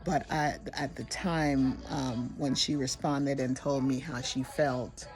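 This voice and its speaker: An older woman telling a personal story in an earnest, halting way, often restarting her sentences. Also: a bass voice, fairly even intonation, soft background music.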